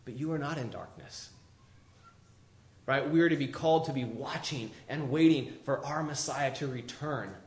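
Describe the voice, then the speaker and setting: Male preacher, mid-pitched, urgent and then hushed, recorded in an echoey space. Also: moderate pace. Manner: swings from loud urgent calls to hushed, low appeals. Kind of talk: sermon. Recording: roomy echo.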